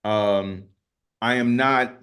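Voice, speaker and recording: A man co-hosting a comedy podcast, telling stories and making points in an emphatic, rushed way. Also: mid-range voice, fairly even intonation, a bit bright. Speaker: podcast co-host. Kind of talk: casual comedic chat.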